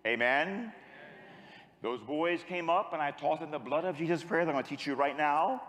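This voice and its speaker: A man's voice: fairly high pitch, normal speed, a bit bright, big-room sound. A man, a priest, preaching a sermon and telling a story, then leading the congregation in call-and-response. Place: large church with long echo.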